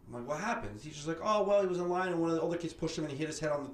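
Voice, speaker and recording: A man hosting a podcast, telling stories in a casual, animated chat, cursing freely and acting out what others said. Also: a little high, very fast. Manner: animated storyteller, swears freely, acts out quoted voices. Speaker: podcast host. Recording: roomy sound with faint background noise.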